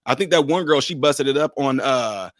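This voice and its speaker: A man on a casual panel discussion, talking relaxed and making his points through stories and examples. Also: medium pitch, moderate pace, no echo, studio quality. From USA. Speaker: panel guest.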